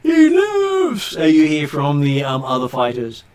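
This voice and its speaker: A man's voice: mid-range voice, fairly even intonation, moderate pace, darkish tone. A man narrating as game master, hesitant, with many ums and uhs. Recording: roomy, distant mic.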